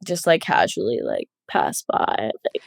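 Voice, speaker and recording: A woman's voice: very deep voice, wildly swooping pitch, unhurried, gravelly, no echo, studio quality. A twenty-year-old woman from Los Angeles, a guest on a casual podcast interview, giggling often and leaning on "like" as she talks. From Los Angeles, USA. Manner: giggly, laughs often, heavy use of "like". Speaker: guest footballer.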